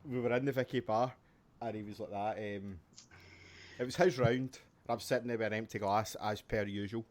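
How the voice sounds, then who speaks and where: A man's voice: lowish voice, steady tone, moderate pace. A man co-hosting a wrestling podcast, bantering and telling jokes with plenty of swearing. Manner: joking, swears freely. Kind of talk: casual chat, banter.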